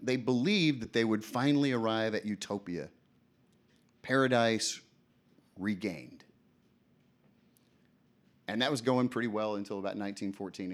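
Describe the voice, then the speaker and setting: A male preacher giving a sermon in a conversational way, often asking the audience questions. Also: fairly low pitch.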